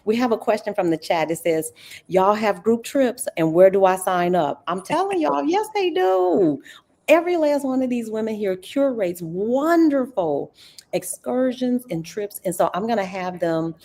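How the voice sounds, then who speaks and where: A woman hosting a livestream talk, animated and folksy, calling listeners honey and girl. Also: medium pitch, moderate pace. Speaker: host.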